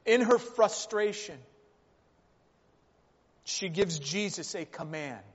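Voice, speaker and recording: Male preacher with a high voice, measured sermon delivery, rhetorical questions; long-reverb hall. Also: animated, slightly rough. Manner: rhetorical questions and repeated phrases. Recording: reverberant hall, dull lo-fi sound.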